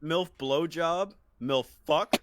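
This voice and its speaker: A man's voice: on the high side, takes it slowly, a crowd in the background. Blunt, profane man on a podcast. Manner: blunt, profane, deadpan jokes. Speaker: podcast co-host. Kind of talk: casual crude chat.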